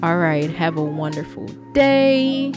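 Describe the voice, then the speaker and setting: A woman with a lowish voice talks slowly through casual vlog commentary as the host of her own channel. She muses aloud and often stops to correct herself. Faint music plays quietly behind her. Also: animated. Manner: musing, self-correcting, chatty.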